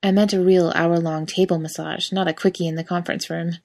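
A woman's voice: fairly low pitch, flat delivery, fairly quick, a little mellow, natural voice. A woman voicing a teasing young masseur. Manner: teasing, playful. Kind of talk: audiobook fiction reading.

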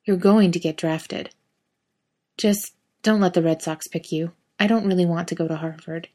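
A woman voicing an earnest young student who speaks quietly and insistently, in a fairly low voice. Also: steady tone, normal speed, close to an everyday voice. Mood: tender.

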